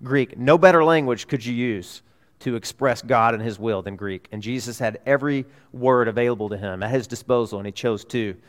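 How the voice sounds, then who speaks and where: A man preaching a sermon as a pastor in a church, emphatic, repeating key phrases and swinging between loud urgency and hushed tones. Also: medium pitch, a little fast.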